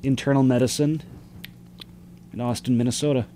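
A man's voice: medium pitch, fairly even intonation, moderate pace, warm tone, a little hiss or hum. A man co-hosting a casual podcast chat, recounting things hesitantly, often trailing off and restarting. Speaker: podcast co-host.

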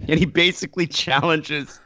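A man's voice: on the high side, fairly even intonation, normal speed, pushed and bright, dry recording. A man co-hosting a podcast, telling rambling stories in casual chat with crude jokes. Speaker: podcast co-host. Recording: dry, dull lo-fi sound.

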